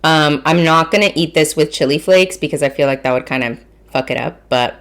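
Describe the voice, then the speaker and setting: This podcast host, a thirtysomething woman from Mission, Texas, eats and tastes throughout her casual food and wine show, chatting away, poking fun at herself, and cursing freely. She speaks at normal speed in a low voice with fairly even intonation.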